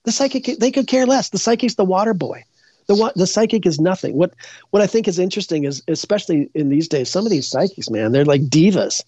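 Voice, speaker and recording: A man's voice: high voice, lively intonation, fairly quick, dark tone, dry recording. Rambling older man telling stories. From Minnesota, US. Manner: rambling, with many restarts and fillers. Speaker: guest psychic. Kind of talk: casual interview storytelling. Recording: dull, dry lo-fi sound.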